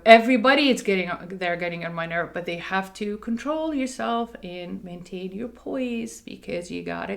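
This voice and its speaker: A middle-aged woman who works at a dental practice talks casually and personally to the camera. Her mid-range voice is a bit bright, and she speaks candidly and emphatically, peppering her talk with "like" and "okay."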